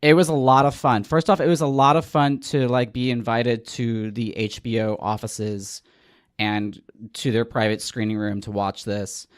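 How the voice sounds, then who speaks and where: A man hosting a podcast, talking in a relaxed, chatty way and spinning stories with a wry edge. His voice sits at an ordinary middle pitch. The sound is close and dry, with no room around it. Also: moderate pace, smooth, no room sound. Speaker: podcast host. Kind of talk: casual podcast chat.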